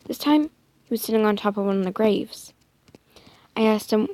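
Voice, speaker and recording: A woman improvising a first-person story in a soft, hesitant way, often dropping into a whisper and correcting herself. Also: mid-range voice, normal speed, dry recording.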